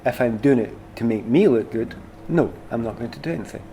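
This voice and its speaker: Animated Glaswegian man telling stories. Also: medium pitch, fairly quick, slight background noise. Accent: Glasgow Scottish. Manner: animated, self-deprecating storyteller. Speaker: guest, former footballer. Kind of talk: casual conversation.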